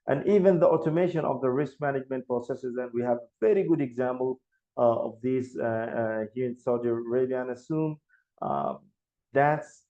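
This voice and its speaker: Brief: male lecturer, hesitant delivery, mellow tone, muffled recording. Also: mid-range voice. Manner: halting, many filler sounds and restarts. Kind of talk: academic presentation. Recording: dull lo-fi sound.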